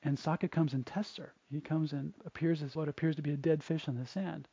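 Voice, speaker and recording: A man's voice: a little high, fairly even intonation, fairly quick, gravelly, warm tone, slightly rough, no room sound. A man, a Buddhist monk, retelling a story in a casual, chatty way with fillers, on a dull, dry lo-fi recording. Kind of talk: storytelling dharma talk.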